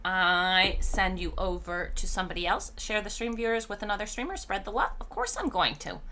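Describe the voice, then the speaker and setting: Woman streamer, bright tone, strained tired voice, chatty and rambling. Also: mid-range voice, expressive, a little fast, a little hiss or hum. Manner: chatty, rambling, reads chat aloud. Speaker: game streamer. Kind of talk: casual live-stream chat.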